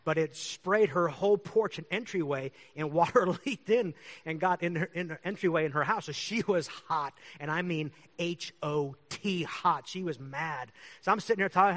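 A pastor, a man, tells neighborhood stories in easygoing, rambling chat. His voice sits a bit high for a man, and he chuckles often as he goes. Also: moderate pace, a bit bright. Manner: chatty, rambling, laughs often. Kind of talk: casual storytelling.

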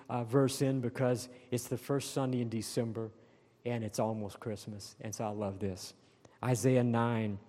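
A man preaching a sermon in a church, stressing key phrases slowly and building to emphatic peaks. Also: mid-range voice, warm tone. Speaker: pastor. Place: church sanctuary. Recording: long reverb in a large hall.

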